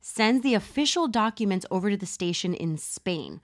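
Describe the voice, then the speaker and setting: A woman podcast host telling a true crime story in casual chat, animated, swearing casually and laughing often. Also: mid-range voice, normal speed.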